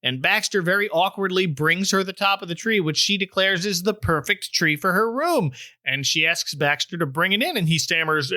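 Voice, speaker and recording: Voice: medium pitch, animated, normal speed, bright, forceful tone, dry recording. A podcast host retelling a story scene by scene, with wry joking asides. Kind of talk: recap chat, retelling the plot.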